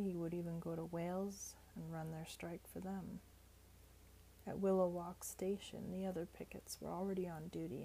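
Lady reading a book aloud, steady, dark mellow tone, low pitch. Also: creaky, slight background noise, low-quality recording. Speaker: narrator. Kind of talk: audiobook narration.

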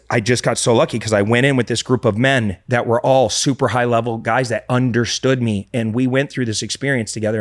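A man's voice: medium pitch, no room sound, clean studio sound. A man speaking as a podcast guest, earnestly telling a confessional personal story with frequent restarts.

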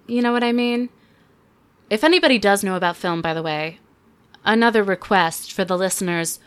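A young woman hosting a podcast, chatting casually and sarcastically about a movie with quick asides. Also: medium pitch, smooth. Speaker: podcast host. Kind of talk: casual chat, movie review.

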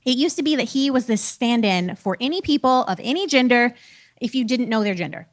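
Lively, higher-voiced woman teacher. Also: brisk. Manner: conversational, self-deprecating, laughs often. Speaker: preacher and teacher. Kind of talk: casual teaching talk.

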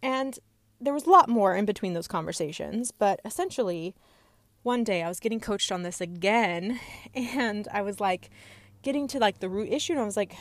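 A woman's voice: mid-range voice, lively intonation, normal speed, no echo. A woman candidly telling a personal story in a reflective way, with many fillers.

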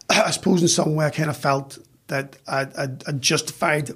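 A middle-aged man with a Northern Irish accent, chatting as a podcast guest and telling self-mocking stories in an animated way. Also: a little high, normal speed, slightly rough. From West Belfast, Northern Ireland. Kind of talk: casual storytelling.

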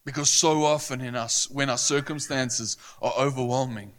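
A man's voice: mid-range voice, fairly even intonation, moderate pace. A man preaching a sermon, earnest and emphatic, often repeating phrases for weight. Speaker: pastor.

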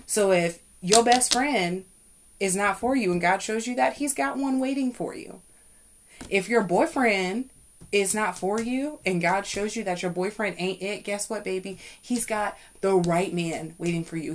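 A young adult woman hosting a faith-based talk, speaking in an emphatic, preachy way that climbs high and loud when she gets fired up. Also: normal speed, slight background noise. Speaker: podcast host.

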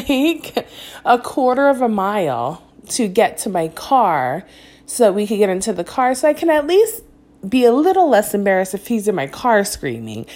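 A woman's voice: medium pitch, darkish tone. Candid young mother telling a story. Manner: candid, self-critical, rising to agitated. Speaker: mother vlogger. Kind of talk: confessional vlog storytelling.

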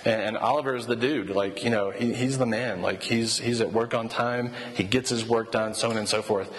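A man's voice: mid-range voice, moderate pace. A man preaching a sermon in a casual, storytelling way, acting out quoted dialogue. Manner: conversational, animated retelling of quoted dialogue. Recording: reverberant hall with faint ambient noise.

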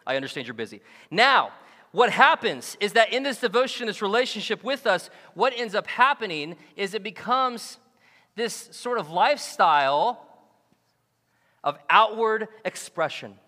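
Guy preaching in a church, bright high voice bouncing all over, big hall echo, jokey and animated. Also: normal speed. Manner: animated and joking, acts out quoted voices. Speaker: pastor. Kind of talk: sermon. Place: church sanctuary.

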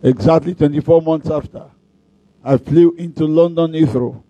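High-voiced Nigerian pastor preaching. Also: male voice, moderate pace, no echo, dull audio. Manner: declaring blessings, animated storytelling. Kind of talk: sermon with storytelling.

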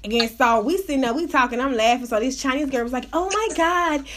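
A woman's voice: on the high side, quick pace, slight background noise. A woman hosting a podcast, telling a story in casual, profane chat and acting out what people said. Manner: animated, profane, acts out quotes. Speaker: podcast host.

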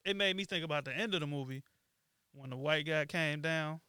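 A man co-hosting a podcast, speaking in casual chat with a reflective, halting manner full of ums and restarts. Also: fairly high pitch, sharp tone, clear, resonant tone, no room sound, clean studio sound. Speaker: podcast co-host.

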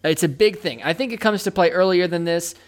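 A woman's voice: lowish voice, brisk. A woman co-hosting a podcast in casual chat, chatty and self-deprecating, laughing often. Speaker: podcast co-host.

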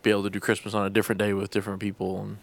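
A young man co-hosting a podcast in casual chat, easygoing and quick to react. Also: fairly low pitch, monotone, vocal fry. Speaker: podcast co-host.

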